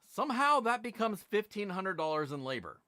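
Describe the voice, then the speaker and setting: A man's voice: high voice, big pitch swings, a little fast, sharp tone, no room sound. Profane, exasperated man ranting on stream. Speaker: live stream host. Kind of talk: casual ranting live stream.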